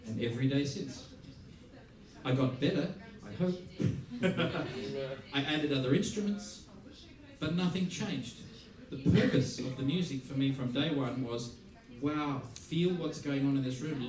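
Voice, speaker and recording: A man with an Australian accent giving a masterclass talk, telling stories animatedly, acting out what people said and laughing often. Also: medium pitch. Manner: animated storyteller, acts out quotes, laughs often. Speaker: musician teaching a masterclass. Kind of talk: anecdote-driven talk to an audience. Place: large theater hall. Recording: echoey hall, voice from far off.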